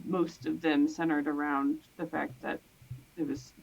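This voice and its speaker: A woman with a gravelly, fry-tinged voice speaks frankly and with passion in a casual group conversation. Her pitch sits slightly low, and the recording sounds dull and muffled. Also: level tone, a little slow. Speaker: experienced surrogate on a panel. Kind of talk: casual chat.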